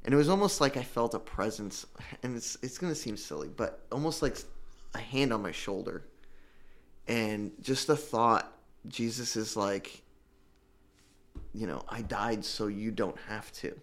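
A man giving an emotional personal testimony about recovery, earnest and halting, with many restarts. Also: mid-range voice, lively intonation. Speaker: guest telling his recovery story.

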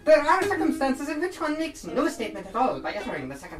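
A woman reading a logic text aloud in deliberate, drawn-out phrases during an improvised performance. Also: high-pitched, huge pitch swings. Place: performance space. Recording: roomy live recording from far off. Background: loud improvised guitar music.

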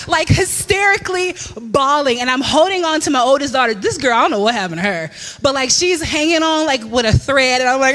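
A woman in her thirties telling a lively personal story to a church congregation, laughing often and acting out what people said. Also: high voice, moderate pace, long reverb tail. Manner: animated storyteller, laughs often, acts out quotes. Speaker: church speaker. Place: church hall.

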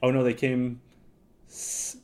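A man's voice: medium pitch, monotone, slow, over a noisy crowd. A man co-hosting a podcast, chatting casually and bluntly about a reality show and laughing often. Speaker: podcast co-host.

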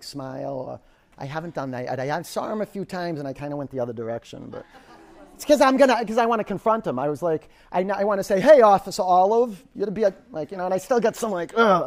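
A man's voice: on the high side, expressive, fast, vocal fry. A man teaching a power yoga class in a studio, calling out counts and cues and telling rambling stories between poses.

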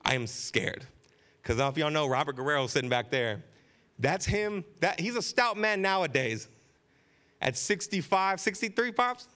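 A man's voice: mid-range voice, a bit bright. A man in his thirties, a pastor, preaching a sermon in a candid, conversational storytelling way with casual slang. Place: church sanctuary.

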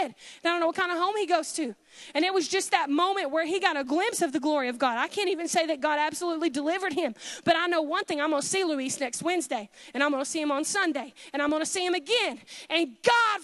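A woman preaching a Pentecostal sermon, her voice high and fervent. She swings between loud exhortation and hushed, confiding asides. The sound is dry and close, with no room echo.

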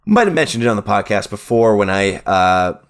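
A man in his thirties co-hosting a podcast in casual banter, jokey and quick to slip into goofy voices. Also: fairly low pitch, smooth. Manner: animated, jokey, breaks into goofy put-on voices. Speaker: podcast co-host.

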